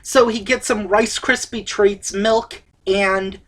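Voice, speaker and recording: A woman's voice: mid-range voice, fairly even intonation, slow, noisy background. A woman co-hosting a casual movie review chat, rambling with many fillers. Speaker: co-host of a movie review show.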